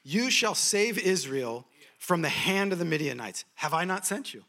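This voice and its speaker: A man voicing a calm, commanding angel messenger who talks bluntly. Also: high voice, normal speed, exaggerated voice.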